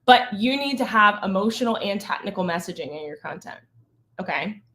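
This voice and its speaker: A woman's voice: mid-range voice, expressive, brisk, bright, forceful tone. A woman in her thirties, a business coach teaching on a live stream, emphatic and checking in with "okay?" and "right?".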